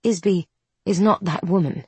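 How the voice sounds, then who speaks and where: A woman narrating a story in a measured, descriptive reading. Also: fairly low pitch, darkish tone, slightly rough, no echo. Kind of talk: scripted narration.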